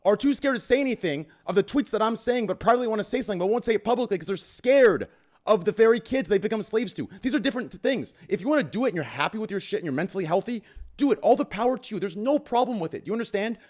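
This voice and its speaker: A man's voice: high voice, lively intonation, racing, a little mellow. A man hosting a podcast, arguing his point in a heated, emphatic debate with frequent swearing. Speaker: podcast host.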